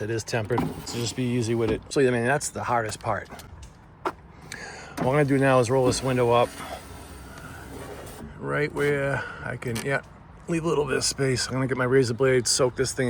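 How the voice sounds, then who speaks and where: A man's voice: mid-range voice, a little hiss or hum. A man with a Boston accent, casually walking viewers through a hands-on car job with chatty, joking asides. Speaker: DIY tutorial host. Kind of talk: casual how-to walkthrough.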